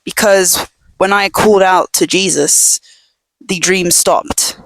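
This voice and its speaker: A young woman hosting a casual podcast from home, telling a story in a rambling way full of "like" and fillers, sometimes dropping to a hush. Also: on the low side, steady tone, slow pace, no room sound. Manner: drops to a hush at times. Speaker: podcast host. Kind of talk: casual chat.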